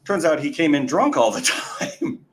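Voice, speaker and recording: A man's voice: a little high, normal speed, background noise. A man hosting a casual podcast chat, telling bar stories and acting out customer exchanges. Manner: animated storyteller, acts out exchanges. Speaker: podcast host.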